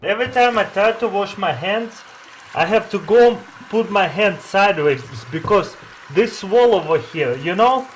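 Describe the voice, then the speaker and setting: A man's voice: high-pitched, lively intonation, unhurried, a little hiss or hum, poor audio. A man filming a casual how-to vlog, enthusiastically showing life hacks in loose, non-native English and chatting to his dog. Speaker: vlogger demonstrating life hacks.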